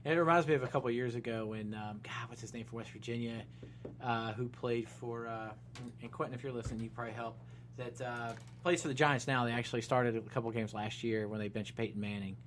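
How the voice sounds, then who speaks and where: Male co-host, loose rambling delivery, restarts and laughs, mid-pitched voice. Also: fairly even intonation, fast, a bit bright, slight background noise. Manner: rambling, many restarts and fillers, laughs at own jokes. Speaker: podcast co-host. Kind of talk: casual sports chat.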